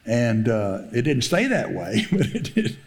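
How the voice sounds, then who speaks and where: A man's voice: medium pitch, wildly swooping pitch, a little slow. A middle-aged man, preaching a sermon and telling a story, laughing often and acting out the voices he quotes. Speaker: pastor.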